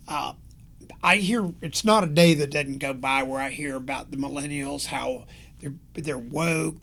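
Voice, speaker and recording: Older man, host, gravelly, passionate, conversational, rambling. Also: a little high, pushed and bright. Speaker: podcast host. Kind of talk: casual monologue rant.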